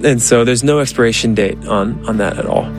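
A man's voice: medium pitch, a little fast, loud music behind the voice. A man in his thirties, a therapist, telling stories earnestly in a conversational interview. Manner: earnest, animated storytelling. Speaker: therapist and parenting guest.

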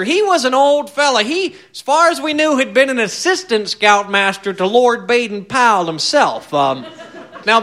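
A man's voice: high voice, sharp tone. A man telling a tall tale in a folksy, wry way, with chuckling asides. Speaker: storyteller.

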